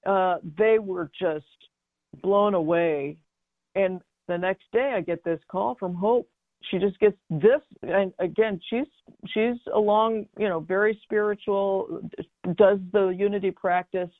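A woman's voice: mid-range voice, unhurried, no room sound. A middle-aged woman telling a personal story as an interview guest, chatty, with many fillers and restarts. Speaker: guest, baking mix business founder. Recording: dry, tinny phone-like line.

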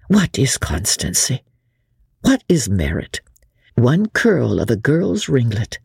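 A woman narrating a classic novel aloud with expressive, varied storytelling. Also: low-pitched, vocal fry, husky, dry recording, studio quality. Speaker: audiobook narrator.

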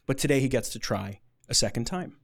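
A man's voice: mid-range voice, expressive, a little fast, vocal fry. A man telling a personal story to an audience, conversational and rambling, with a self-deprecating, emotional edge.

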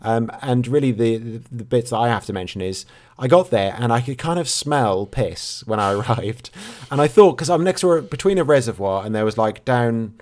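A man co-hosting a podcast, telling a story with dry, deadpan humour in a relaxed, rambling way. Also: medium pitch, normal speed, hardly any pauses. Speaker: podcast co-host. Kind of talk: casual chat.

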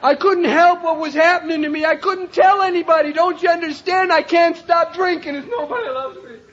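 High-voiced older man, emphatic recovery story. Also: fairly even intonation, brisk. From Cleveland, Ohio, USA. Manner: emphatic, raises voice to a shout then drops low. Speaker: recovery meeting speaker. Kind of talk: personal recovery story told to a meeting. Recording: dull lo-fi recording.

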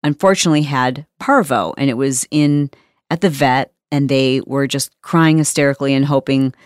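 Low-pitched female podcast host, frank and conversational, dry close-mic sound. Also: normal speed, no room sound. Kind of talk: candid podcast monologue.

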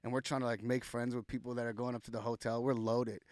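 Young male rapper guest, mid-pitched voice, dry close mic, loose and animated, piles on "like" and acts out the quotes. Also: fast, no echo. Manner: animated, loose storytelling full of "like" and acted-out quotes. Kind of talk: casual podcast storytelling.

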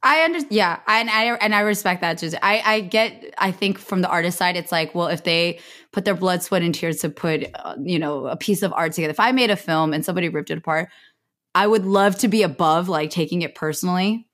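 A woman in her thirties chats on a podcast in a thoughtful, rambling way, full of "like" and "you know." Her voice sits a little low. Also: fairly quick, fairly bright tone. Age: 30s. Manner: reflective, chatty, lots of "like". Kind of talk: casual podcast chat.

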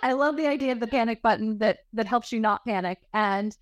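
Encouraging woman podcast host, higher voice. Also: fairly quick, no room sound, studio quality. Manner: encouraging, affirming, giggly. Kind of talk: casual podcast interview.

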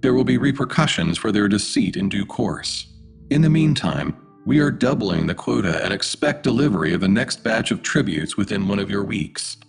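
Alien envoy with a machine-like delivery, low and gravelly, formal threats; a man voicing it. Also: normal speed, soft background music. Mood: coldly menacing. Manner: flat, menacing, formal. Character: cold robotic alien messenger voice.

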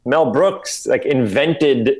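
A man as a guest on a casual comedy podcast, his voice at an ordinary middle pitch. He talks earnestly, with halting restarts, often sinking lower as he trails off. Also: a little mellow.

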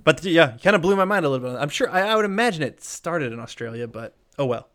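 A man co-hosting a podcast, recapping a film in casual chat, animated, with frequent laughs and rambling asides. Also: fairly high pitch, fast talker. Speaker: podcast co-host.

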